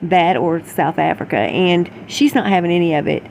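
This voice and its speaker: Low raspy-sounding lady gossip vlogger, mellow tone, rambles and chats between reading bits. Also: normal speed, a little hiss or hum, poor audio. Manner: chatty, opinionated, rambling. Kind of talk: reading gossip articles aloud with asides.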